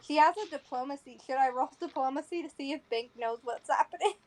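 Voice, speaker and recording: Woman, tabletop game player, playful, chatty, fairly high voice. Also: fast talker. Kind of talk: casual tabletop game chat.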